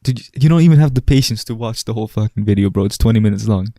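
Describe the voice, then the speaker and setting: A man's voice: fairly low pitch, very fast, warm tone, dry recording, studio quality. A young Italian man, a native Italian speaker, co-hosting a podcast in casual, teasing banter. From Italy. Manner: laid-back, teasing, peppers talk with "bro". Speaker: podcast co-host. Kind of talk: casual chat.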